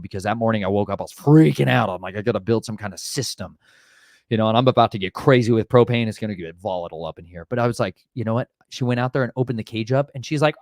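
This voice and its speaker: A man with a Southern American accent telling a storm story in casual chat, lively and acting out dialogue, with a preachy streak. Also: on the low side, no echo, studio quality. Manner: animated, acts out his own and others' voices in retold dialogue; preachy, mixes religious exhortation into talk. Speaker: vlogger sharing storm preparedness experiences.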